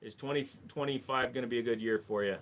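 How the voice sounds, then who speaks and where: A man's voice: mid-range voice, fast, a bit bright. A man hosting a casual livestream, reading chat messages aloud and answering with crude jokes. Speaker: livestream host.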